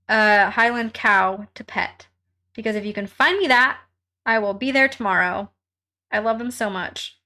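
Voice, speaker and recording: Crafting at home on a relaxed live stream, a young woman chats bubbly with her audience, reading out their comments and laughing a lot. She speaks at a normal speed in a mid-range voice that sounds pushed and bright.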